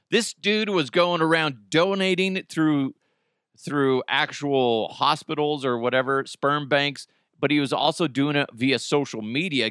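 A man's voice: fairly high pitch, sharp tone, clear, resonant tone, no echo, clean studio sound. A man in his thirties hosting a solo podcast, ranting bluntly and profanely with self-mocking asides. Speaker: podcast host. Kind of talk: casual solo podcast rant.

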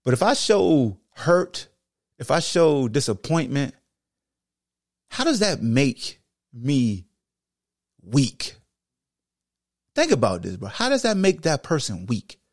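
Man, sports podcast host, emphatic and repetitive, swings from low to high, dry close mic. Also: slow pace, pauses often, no echo. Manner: emphatic, repeats phrases, swings from low growl to high excited. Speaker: podcast host and former football player. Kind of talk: impassioned monologue.

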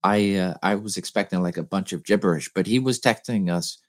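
A man from Philadelphia chats easily as a podcast co-host. His voice is low and deep, and his relaxed, friendly delivery stops and restarts often. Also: brisk. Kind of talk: casual chat.

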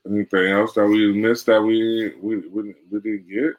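Low-voiced man with laid-back, teasing banter. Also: flat delivery, normal speed, poor audio. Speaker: podcast co-host. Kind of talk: casual sports chat.

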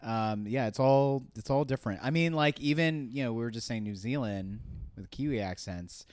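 A man's voice: mid-range voice, normal speed, a little mellow, no room sound, studio quality. A man in casual podcast chat, thinking aloud with many restarts and asking wry questions.

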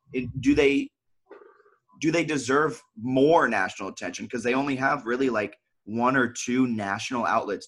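A man's voice: mid-range voice, a bit bright, breathy edge. A man co-hosting a podcast, talking earnestly in a casual chat with many filler words. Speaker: podcast co-host.

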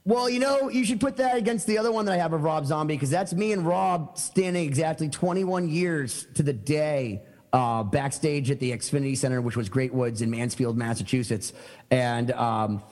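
A man's voice: a little high, moderate pace, darkish tone, big-room sound. A man telling stories as a podcast guest, eager and rambling, with many fillers and restarts. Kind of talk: casual storytelling chat.

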